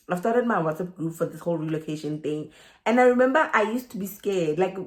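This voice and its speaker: A woman with a South African accent giving a motivational talk to her viewers. She laughs often and acts out the voices in her head. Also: fairly low pitch. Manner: animated, laughs often, acts out inner dialogue. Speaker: relocation vlogger.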